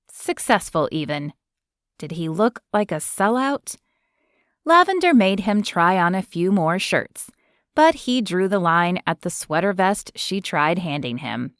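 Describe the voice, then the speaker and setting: Woman narrator for a romance audiobook, lively pitch, dry close-miked studio sound. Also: clean tone, dry recording. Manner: expressive, even storytelling.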